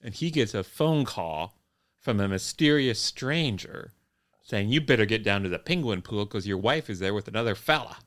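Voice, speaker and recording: A young man co-hosting a casual chat, recapping a plot with wry, deadpan humor. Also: fairly low pitch, moderate pace. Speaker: podcast co-host.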